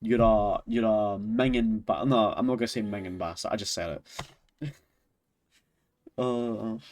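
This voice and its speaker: A man's voice: fairly low pitch, unhurried, darkish tone. Rambling sweary Scottish man. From Scotland. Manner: rambling, sweary, giggly, full of restarts. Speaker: live streamer. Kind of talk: casual chat with stream viewers.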